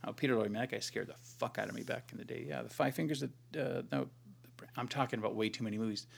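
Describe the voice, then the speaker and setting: A man's voice: medium pitch, quick pace, vocal fry, husky. A man co-hosting a podcast, chatting casually about movies in a rambling, sarcastic way with plenty of swearing. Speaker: podcast co-host. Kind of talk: casual movie review chat.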